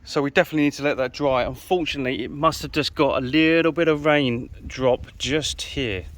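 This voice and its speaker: A man's voice: mid-range voice, steady tone, fairly quick, fairly bright tone. A British man with an easygoing manner, giving casual commentary while he works on a car outdoors on a windy day. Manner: easygoing, thinks aloud with fillers. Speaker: car restoration vlogger.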